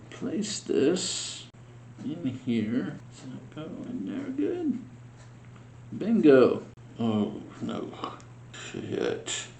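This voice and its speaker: A man narrates his scale model build in a slow, unhurried way. He mutters and grumbles in frustration at the tiny parts as he works. The sound is roomy, with a faint hum behind him. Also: on the low side, mellow. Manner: muttering to himself, frustrated and exasperated. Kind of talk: casual build vlog narration.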